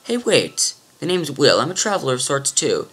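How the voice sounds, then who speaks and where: A man playing a breezy young archer, high-voiced. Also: huge pitch swings, moderate pace, a bit bright, husky, full character voice. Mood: friendly. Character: friendly easygoing young male archer.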